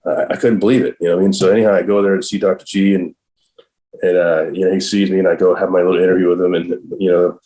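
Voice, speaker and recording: Guesting on a podcast, a middle-aged pro skateboarder rambles through a long story, swearing constantly and peppering it with "like" and "I'm all." He speaks rapid-fire in a low, mellow voice with a flat delivery. The recording is poor.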